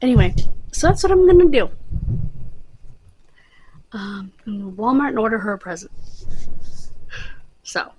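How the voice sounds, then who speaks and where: Middle-aged woman host, husky and a little high-pitched, loose and rambling to camera. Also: darkish tone, low-quality recording. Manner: rambling, chatty, with many fillers. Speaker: channel host. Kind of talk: casual chat to camera.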